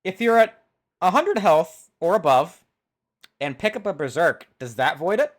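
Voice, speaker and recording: A reaction video host chatting casually, excitable and laughing often. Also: mid-range voice, measured pace.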